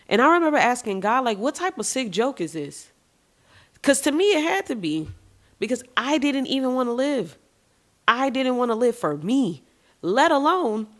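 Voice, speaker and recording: A woman hosting a podcast, telling her own story candidly, speaking straight to her listeners and swearing casually. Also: a little high. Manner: frank and expressive, addresses listeners as y'all. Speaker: podcast host. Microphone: podcast microphone.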